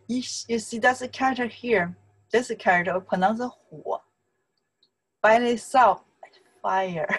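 A woman from China speaks with a Chinese accent in a casual online lesson. She talks slowly in chatty broken English and repeats words patiently for learners. Her voice sits at a middle pitch with a slightly husky edge. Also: poor audio. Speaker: Chinese teacher.

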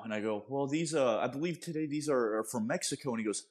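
A man's voice: mid-range voice, quick pace, hardly any pauses. A man co-hosting a podcast, telling stories and making dry jokes in casual chat. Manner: animated storyteller, dry jokes. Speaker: podcast co-host.

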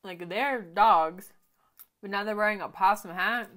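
A woman giving casual, chatty commentary while watching a film, thinking out loud and often dropping to quiet murmurs. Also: mid-range voice, measured pace. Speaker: reaction video host. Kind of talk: casual movie reaction commentary.

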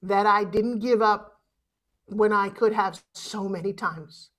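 A woman's voice: mid-range voice, steady tone, slow, fairly bright tone. Emphatic woman giving a motivational speech. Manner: emphatic, audience-rousing. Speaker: motivational speaker. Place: online summit.

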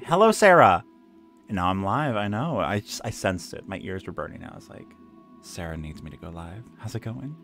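Playful young guy streaming a game, super animated, joking on himself, soft music behind. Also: fairly low pitch. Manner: playful, self-mocking, chatty. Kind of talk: live game stream chat.

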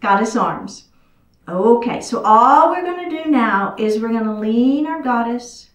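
A woman guides a chair yoga class in a fairly high voice, chatty and encouraging as she demonstrates the poses. She sounds a little out of breath. Her voice is caught from a distance in an echoey room. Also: lively intonation, unhurried. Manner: encouraging, chatty, talks while moving. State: slightly out of breath. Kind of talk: guided exercise class instruction. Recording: echoey room, far from the mic.

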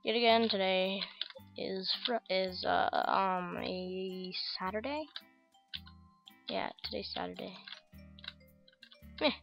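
A woman's voice: medium pitch, slow pace, vocal fry, pauses often, fairly bright tone, faint music behind. A woman with an American accent hosting casual Minecraft gameplay commentary in a rambling, goofy, chatty way. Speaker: gaming channel host.

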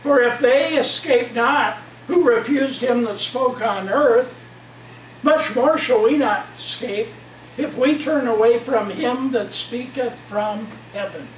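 A man with a very high voice preaches a fervent sermon, reading long passages of scripture aloud. He stands some way back from the microphone, and the room around him rings with echo. A faint hum sits underneath. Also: takes it slowly. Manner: fervent, quotes scripture at length. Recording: echoey room, mic at a distance.

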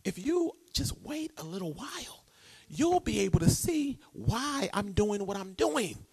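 A man preaching voices God answering a complaining believer, calm and reassuring. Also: very high voice, brisk, creaky, shouting, voice pushed up. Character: God answering calmly, patient and knowing.

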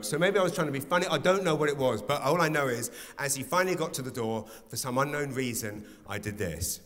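A man in his forties performing live stand-up comedy in a large theatre, animated and building to loud exclamations. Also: mid-range voice, fast talker, few pauses, noisy background. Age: 40s. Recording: reverberant live theatre with audience.

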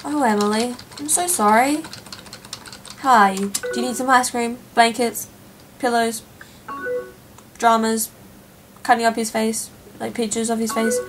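A woman's voice: on the high side, fairly even intonation, a little slow, pauses often, distant mic, slight background noise, poor audio. A woman hosting a let's play, reacting to a chat game in a playful, theatrical way. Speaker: gaming channel host.

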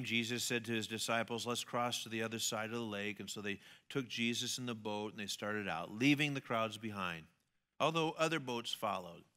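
A man preaching a sermon in a church, telling a story with animated, acted-out voices. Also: mid-range voice. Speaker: pastor.

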